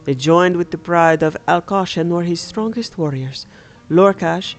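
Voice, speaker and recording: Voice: medium pitch, faint music behind, close to an everyday voice. A game streamer reading aloud as an old male cat-folk father telling his cub a legend, in a put-on Khajiit accent. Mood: storytelling. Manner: storytelling read-aloud, halting.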